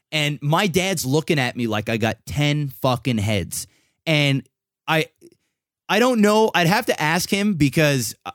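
A man's voice: on the high side, a bit bright, no echo, studio quality. Profane, rambling young man telling a story. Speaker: podcast co-host. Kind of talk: casual storytelling chat.

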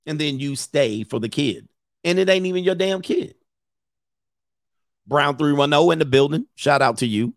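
A man's voice: fairly high pitch, lively intonation, moderate pace, dry recording, studio quality. A middle-aged man hosting a casual stream, reading viewer comments and giving blunt, rambling opinions.

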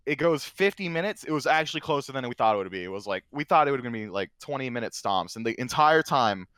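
A man on a casual podcast spins a lively gaming story, his voice getting louder and more excited as the tale builds. His tone is smooth and resonant, and it sits close to the mic in a dry room with no echo. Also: mid-range voice, quick pace. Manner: excitable, animated storyteller who drifts into shouting. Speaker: guest, former console champion.

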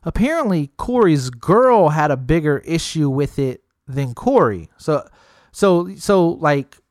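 A man with a fairly high voice tells a story in a relaxed, chatty way, jumping up even higher when he acts out his friends. The sound is close and dry, with no room around it. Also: unhurried, dry recording. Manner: animated, acts out quoted friends in a higher voice, lots of "like" and "bro". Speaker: storyteller in a casual chat. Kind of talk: casual storytelling chat.

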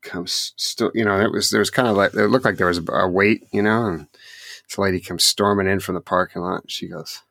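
A man's voice: deep voice, steady tone, fairly quick, gravelly, fairly bright tone, no echo, studio quality. A man co-hosting a podcast, talking in rambling casual chat, laughing often and restarting his sentences. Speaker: podcast co-host.

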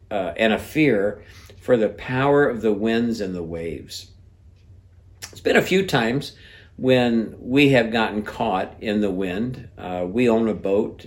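An older man preaching a sermon as pastor, talking in a relaxed, halting way with fillers and restarts, and reading scripture aloud with lively voices for the quoted lines. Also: lowish voice.

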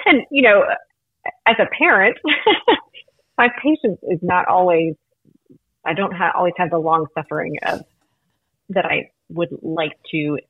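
A woman with a husky, breathy voice, heard over a thin, phone-like line. She talks earnestly and reflectively, telling stories in a faith-based podcast chat. The sound is dry, with no room around it. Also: fairly low pitch, dry recording. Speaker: podcast guest.

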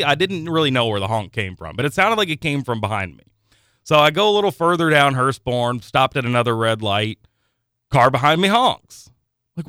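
A man, a radio producer, telling an animated story on air with acted-out quotes. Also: medium pitch, fairly quick, clean tone, dry recording, studio quality. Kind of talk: casual radio banter.

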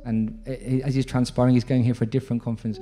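A man's voice: mid-range voice, little pitch movement, quick pace, dark tone. A man with a British accent giving a conversational storytelling talk to a congregation, retelling a story with frequent restarts. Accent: British English. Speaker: Sikh speaker addressing a congregation. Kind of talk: spoken storytelling talk with a moral lesson. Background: music.

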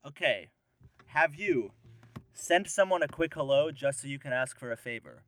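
A man's voice: fairly high pitch, animated, moderate pace, fairly bright tone. A man co-hosting a podcast in casual chat, playfully reading out quiz questions. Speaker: podcast co-host.

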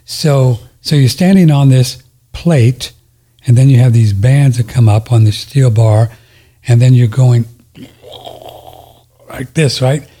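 A man's voice: mid-range voice, slow pace, pauses often, dark tone, slightly rough. A man hosting a talk radio show, chatting casually and rambling as he demonstrates an exercise. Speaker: radio host.

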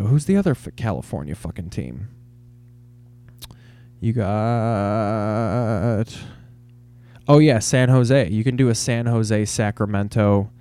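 A man's voice: on the low side, mellow, clear, resonant tone. Swearing man rambling on a podcast. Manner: rambling, heavy casual swearing. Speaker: podcast host. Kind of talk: casual sports podcast monologue.

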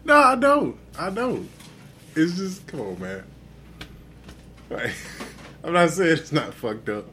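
A man's voice: on the high side, big pitch swings, slow pace, sharp tone, slight background noise. A man co-hosting a podcast, tipsy and telling a profane story with lots of acted-out dialogue. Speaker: podcast co-host. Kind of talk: casual drunk storytelling chat.

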